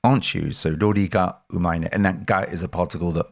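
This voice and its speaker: Very deep-voiced man hosting a lesson. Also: steady tone, fast, gravelly, dry recording, studio quality. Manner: casual, chatty, quizzes the teacher. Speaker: podcast host. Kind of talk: language lesson podcast.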